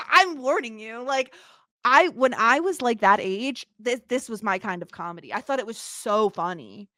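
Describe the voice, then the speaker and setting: A woman's voice: fairly high pitch, unhurried, no room sound, studio quality. A woman in her thirties co-hosting a podcast in casual, jokey chat. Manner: animated, jokey, bursts into laughs. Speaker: podcast co-host.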